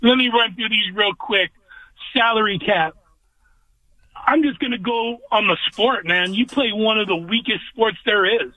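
A man calling in to a sports radio show, ranting in an animated, emphatic way. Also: very high-pitched, dry recording. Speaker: caller. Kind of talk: ranting call-in chat. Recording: dry, tinny phone line.

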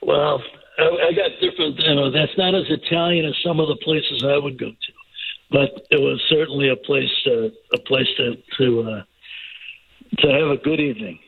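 An older man, a guest on a sports radio show, speaking haltingly and repeating his words as he chats. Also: mid-range voice, vocal fry, husky. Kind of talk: sports radio call-in chat. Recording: tinny phone line.

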